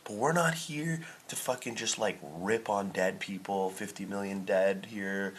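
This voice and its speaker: A man's voice: on the low side, unhurried, a little hiss or hum. A man co-hosting a casual podcast, rambling earnestly and swearing freely. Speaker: podcast co-host.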